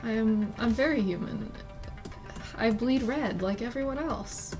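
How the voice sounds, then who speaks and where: A woman's voice: a little high, a little slow, over music. A woman streaming as a VTuber, chatting casually in a rambling way that keeps interrupting itself with giggly asides. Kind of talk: casual live-stream chat while drawing.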